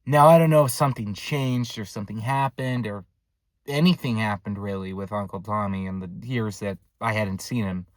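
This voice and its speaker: A young man telling a casual story for his vlog, rambling with lots of filler words, recorded in a dark room at home. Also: fairly low pitch, normal speed, no room sound. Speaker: vlogger.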